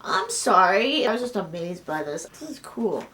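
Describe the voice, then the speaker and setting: A young woman talking casually in a book haul vlog, gushing with excitement and often repeating how excited she is. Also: mid-range voice, normal speed, slight background noise. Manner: gushing, repeats "so excited", bursts into squeals and whispers. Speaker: book vlogger.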